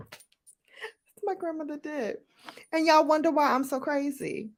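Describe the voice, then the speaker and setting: A middle-aged woman vlogger chatting casually with viewers, animated and laughing as she tells stories. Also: normal speed. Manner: animated, laughing, jumps into high-pitched quoted voices. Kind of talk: casual chat answering viewer questions.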